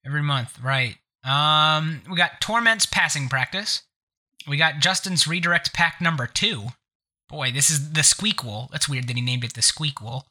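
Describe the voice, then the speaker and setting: A man's voice: fairly high pitch, normal speed, sharp tone. A man with a stuffed-up nose hosting a casual gaming podcast, joking and sarcastic as he rambles. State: congested nose. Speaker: podcast host.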